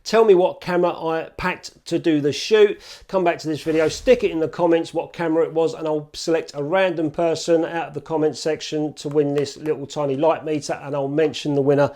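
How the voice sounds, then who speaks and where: A man's voice: a little high, fairly even intonation, fairly quick, a little mellow, no echo. A man chatting casually and upbeat to camera as a film photography vlogger.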